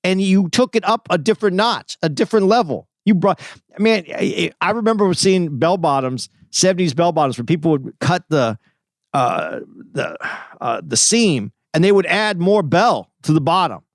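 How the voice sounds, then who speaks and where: Podcast co-host, man, fairly high voice, reflective storyteller, dry mic. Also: lively intonation, normal speed, no room sound. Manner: reflective storytelling, many restarts. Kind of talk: casual podcast chat.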